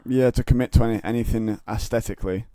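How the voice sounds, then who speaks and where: A man's voice: mid-range voice, steady tone, fast, warm tone, dry recording. A man with a Northern English accent, a podcast guest chatting casually in a home studio, rambling with fillers and restarts. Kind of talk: casual chat.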